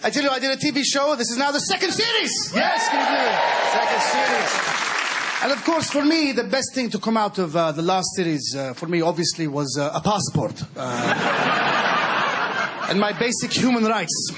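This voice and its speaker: A man doing stand-up comedy on stage, shouting his punchlines and slipping into comic accents. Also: high voice, very animated, normal speed, heavy background noise. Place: live theatre stage. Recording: loud laughing crowd in a theatre. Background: audience laughter.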